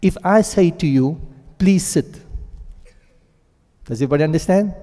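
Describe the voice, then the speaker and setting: A man's voice: fairly high pitch, dark tone. Man teaching a class in a reverberant room. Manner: checks in often with the class, explains step by step; recites Arabic verb forms in quick runs. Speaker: Quran teacher. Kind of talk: classroom lesson.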